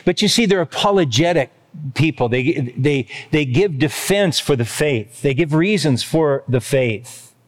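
A man's voice: a little high, lively intonation, measured pace. Man preaching in a reverberant hall. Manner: conversational, emphatic preaching with chuckles. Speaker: pastor. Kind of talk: sermon.

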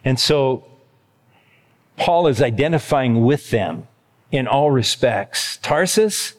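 A man's voice: medium pitch, expressive, slow pace, big-room sound. A male pastor giving a conversational, emphatic sermon to his congregation. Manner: conversational, emphatic preaching with chuckles.

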